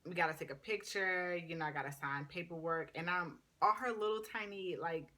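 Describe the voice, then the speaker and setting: A woman's voice: lowish voice, fairly quick. A woman in her thirties, a paramedic student, telling a story in a casual, chatty vlog. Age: 30s. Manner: chatty, animated retelling full of "like".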